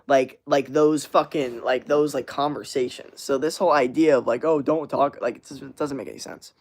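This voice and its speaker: With a brisk, mid-range voice and vocal fry, a man hosts a casual livestream and reads viewer chat aloud. His loose talk is packed with slang, swearing and filler words.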